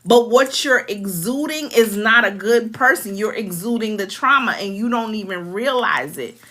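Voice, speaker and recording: A woman's voice: medium pitch, moderate pace, pushed and bright. A woman in her forties, a life coach, talking earnestly and emotionally to viewers and vividly acting out past scenes. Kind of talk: casual heartfelt talk to viewers.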